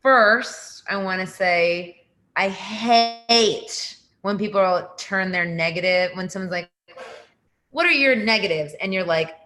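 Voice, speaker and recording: A woman's voice: medium pitch, steady tone, takes it slowly, fairly bright tone. Casual woman guest speaker. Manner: casual, many fillers like "like". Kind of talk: casual workshop advice.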